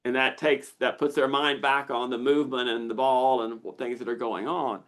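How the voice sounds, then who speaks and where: An older man hosting a live Q&A on a video call, explaining patiently and acting out the brain's inner voice with lively exclamations. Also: mid-range voice, normal speed. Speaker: misophonia researcher hosting a Q&A.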